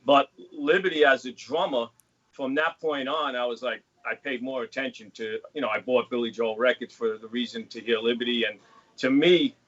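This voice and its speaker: A man chats as a guest on a video call and rambles, often saying you know. His voice sits at mid pitch. The call audio is a little dull. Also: steady tone, moderate pace, a bit bright. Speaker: guest drummer. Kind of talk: casual chat.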